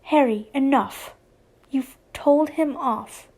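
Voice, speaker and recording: A woman's voice: sits high, slow pace, a little mellow, low-quality recording. A woman reading as a hesitant teenage boy. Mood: subdued. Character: teenage boy wizard, quiet and conflicted.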